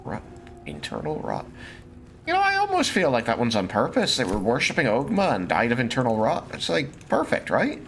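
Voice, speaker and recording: A podcast co-host chatting casually while playing a video game, playful and quick to laugh. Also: medium pitch, wildly swooping pitch. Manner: playful, laughs often, drifts into silly voices. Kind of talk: casual chat while gaming.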